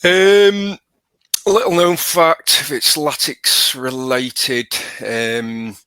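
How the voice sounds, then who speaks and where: A man with a northern English accent, chatting as a podcast guest and telling relaxed anecdotes. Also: medium pitch, extremely slow, clear, resonant tone, no room sound. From southern England. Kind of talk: casual chat.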